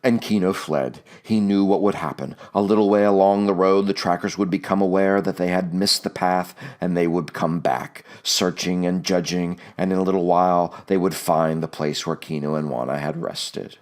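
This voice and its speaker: Deep-voiced male audiobook narrator. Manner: measured, steady storytelling.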